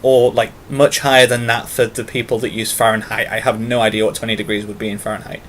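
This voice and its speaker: A man's voice: fairly low pitch, little pitch movement, fast, fairly bright tone, slight background noise. A British man talking casually to camera in a tag video, long-winded and full of fillers, with self-mocking asides. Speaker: vlogger.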